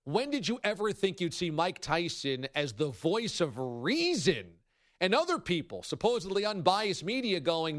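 A man hosting a sports talk radio show, telling stories in a wry, animated way. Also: sits high, normal speed, no echo, studio quality.

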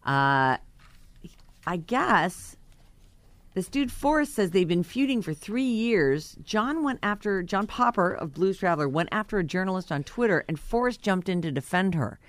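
A chatty woman co-host runs through showbiz news in a loose, conversational way, tossing in asides between items. Her voice is mid-pitched and sits close and dry, with almost no room around it. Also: lively intonation, normal speed, dry recording. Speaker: radio show co-host. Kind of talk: casual entertainment news chat.

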